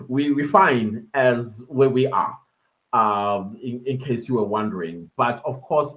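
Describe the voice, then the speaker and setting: A man's voice: mid-range voice, fairly bright tone. A South African man hosting a live podcast stream, chatting casually, answering viewers' comments, laughing often. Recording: dull lo-fi live-stream audio.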